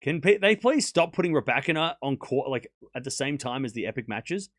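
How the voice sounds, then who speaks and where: A man streaming live tennis commentary, calling the points with excitement and chatting and teasing his viewers in between. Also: mid-range voice, moderate pace, no room sound, clean studio sound. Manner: excited call-outs of play, then chatty asides to chat; teasing, mock-comforting viewers.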